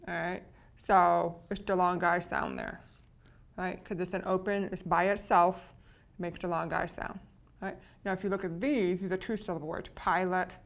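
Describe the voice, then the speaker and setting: Low-voiced woman teaching phonics. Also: creaky, fairly bright tone. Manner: checks in with frequent "right?"; slow, deliberate explanation of spelling patterns. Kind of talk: phonics lecture.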